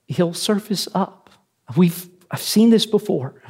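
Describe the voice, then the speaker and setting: A man's voice: sits high, lively intonation, slow, darkish tone, slightly rough, full character voice. A man voicing a young college-student rafting guide who speaks in an easygoing, reassuring way.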